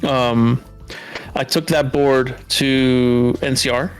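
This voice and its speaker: Man, from Southern California, podcast guest, casual animated storytelling, swears a lot, raised voice for quotes, faint music behind. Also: medium pitch, takes it slowly, clear, resonant tone.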